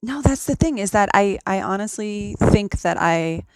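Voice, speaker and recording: A woman talking in a relaxed conversation over a remote call, explaining things step by step with frequent ums. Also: mid-range voice, normal speed, smooth, no room sound. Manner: methodical, explanatory, with many ums. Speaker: podcast guest. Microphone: remote call recording.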